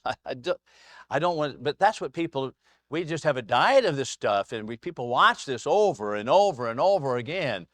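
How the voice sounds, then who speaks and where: A man leads an informal Bible class in a church room, mid-pitched and easygoing. He drifts into anecdotes and chuckles often between points. His voice sounds dry and close, with little room around it. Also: no room sound. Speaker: Bible study teacher. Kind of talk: casual Bible class teaching. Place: church classroom with a small group.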